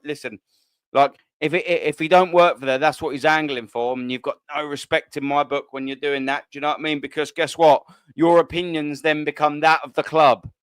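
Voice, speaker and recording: A man chats bluntly through a live fan stream, swearing freely and answering viewer comments. His voice sits a bit high and comes across smooth and resonant. The sound is dry and close. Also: no room sound. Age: 30s. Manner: blunt, sweary, animated banter. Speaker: host.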